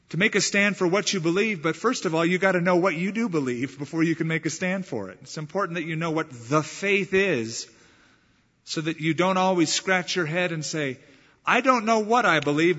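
A man's voice: on the high side, bright, forceful tone. A man preaching a sermon as pastor, earnest and emphatic, rising to stress key words. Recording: dull, muffled 1990s church recording with long reverb.

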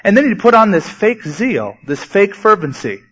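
A man delivers a sermon from the pulpit, speaking in a somewhat high voice. He talks conversationally and grows animated at times. The recording sounds dull and lo-fi. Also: moderate pace, husky. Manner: conversational preaching, sometimes animated. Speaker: pastor.

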